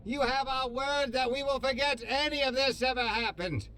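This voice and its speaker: An actor playing a smug, mocking male overlord in an animated story, with a silky, condescending manner. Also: extremely high pitch, normal speed. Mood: smug taunting. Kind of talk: animated narrative voice acting.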